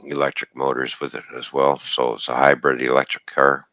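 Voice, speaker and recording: A man's voice: very deep voice, flat delivery, fairly quick, sharp tone, no echo, highs cut off. A man chatting casually on a live stream, joking and rambling through car engine details. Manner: rambling, jokey, explains car engine specs. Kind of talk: casual chat.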